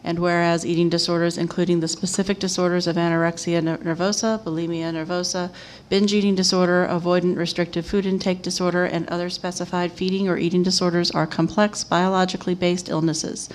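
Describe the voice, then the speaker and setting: A woman chairing a city commission meeting, reading agenda items and a formal proclamation aloud in a steady, even manner. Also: lowish voice, brisk, few pauses, a little hiss or hum.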